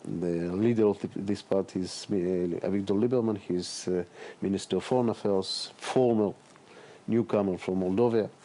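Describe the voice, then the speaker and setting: A middle-aged man answering interview questions as a politician guest, speaking haltingly with many fillers and repeated words. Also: sits low, steady tone, mellow.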